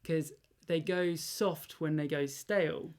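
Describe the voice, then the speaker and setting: A woman with a low voice co-hosts a relaxed quiz. She reads the answers in a deliberate, measured way. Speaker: quiz co-host. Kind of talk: casual quiz answer readout.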